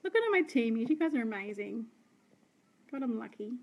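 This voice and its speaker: An Australian woman, a sales director, chatting and rambling warmly to her team on a live stream. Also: on the high side, sing-song, a little fast. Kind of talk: live-stream talk to viewers.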